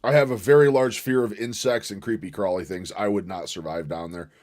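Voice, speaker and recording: A man's voice: on the low side, fairly even intonation, fairly quick, a little mellow. Crude, joking man reacting casually. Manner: crude, joking, swears freely. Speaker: streamer reacting to a video.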